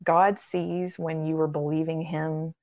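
A woman speaks as a guest on a faith podcast in an earnest, sermon-like way. Her voice sits a little low. She builds her points through rhythmic repetition and acts out quoted voices in a raised tone. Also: level tone, a little slow, darkish tone. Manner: earnest, preacherly, builds in repeated phrases. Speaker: podcast guest, ministry founder.

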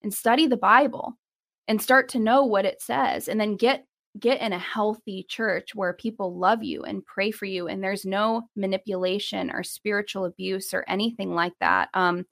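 A young woman talks as a guest on a podcast, giving earnest, practical advice in a mid-pitched voice. She acts out quoted conversations with a brighter, lifted tone. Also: moderate pace, vocal fry. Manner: animated, acts out quoted dialogue with rising pitch.

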